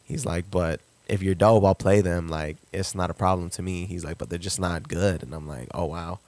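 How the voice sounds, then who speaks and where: A young man telling a story on a podcast, lively, leaping up in pitch when he acts out quotes. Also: normal speed. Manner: animated, jumps pitch to act out quotes. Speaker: podcast guest, rapper. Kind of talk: casual storytelling.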